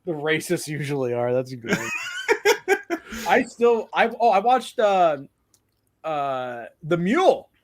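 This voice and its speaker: Joking host in a casual video chat. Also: male voice, a little high, very animated, takes it slowly, long pauses, slight background noise. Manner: joking, storytelling with put-on quotes.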